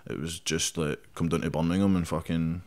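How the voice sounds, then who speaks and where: A young Scottish man with a fairly low voice talks bluntly through a casual interview. He swears freely and drops "mate" into almost every sentence. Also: steady tone, a little fast, a little mellow. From Scotland. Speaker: rapper guest.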